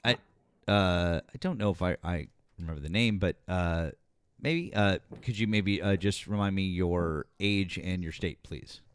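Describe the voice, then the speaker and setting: A man hosting a political live stream and talking with callers, halting and full of restarts. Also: sits low, clean tone. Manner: halting, many restarts and fillers.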